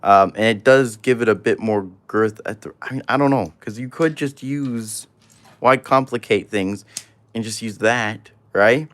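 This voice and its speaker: A man's voice: fairly low pitch, unhurried, fairly bright tone. A man hosting a casual livestream, rambling and joking as he reads chat aloud while building. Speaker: livestream host.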